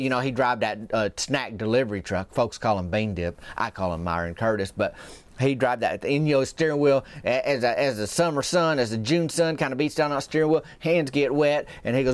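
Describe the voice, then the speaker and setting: A man's voice: medium pitch, fairly quick, no echo. A man telling a folksy comic story in a rambling, drawling small-town gossip manner. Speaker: comedic podcast host.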